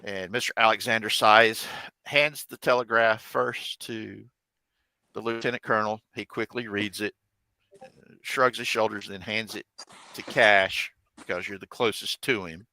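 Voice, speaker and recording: A man narrating as game master of a tabletop game, halting and correcting himself as he goes. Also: fairly low pitch, fairly even intonation, pushed and bright, no room sound, low-quality recording. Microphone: desk mic on a live stream.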